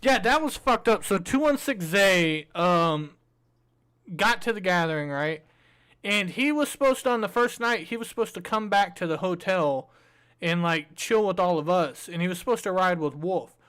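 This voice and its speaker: A man with a notably high, smooth and resonant voice tells a long, rambling story. He curses freely, trails off with "like" and "um", and keeps the tone loose and conversational, as on a livestream. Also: lively intonation, normal speed, a bit bright. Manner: rambling, profane, loose with fillers. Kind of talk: casual storytelling chat.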